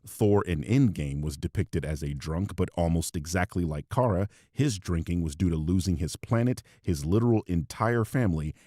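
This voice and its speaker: A man's voice: low-pitched, animated, moderate pace, hardly any pauses, mellow, no room sound, clean studio sound. A man delivering scripted video commentary in a sarcastic, mocking tone.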